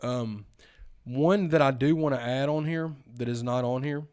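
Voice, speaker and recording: A man's voice: mid-range voice, normal speed, darkish tone, clear, resonant tone. Easygoing man in casual podcast chat. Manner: easygoing, filler-heavy, says "dude" and "man". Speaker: podcast co-host.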